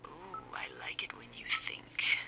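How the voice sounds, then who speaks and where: A woman's voice: a little slow, whispered, close to an everyday voice, poor audio. A woman voicing a wry, teasing female lookout supervisor in a video game, talking over a walkie-talkie with a playful, sarcastic manner. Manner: sarcastic, playful, swinging pitch.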